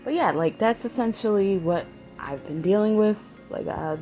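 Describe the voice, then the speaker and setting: A woman's voice: medium pitch, animated, normal speed, warm tone, soft background music. A woman chatting casually in a vlog, rambling and swearing freely and trailing off mid-sentence. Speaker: vlogger.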